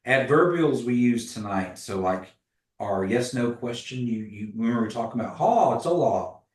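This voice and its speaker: A man's voice: mid-range voice, moderate pace. A man teaching a language class in a casual way, patiently modeling pronunciation and telling stories. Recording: echoey room, voice from a distance.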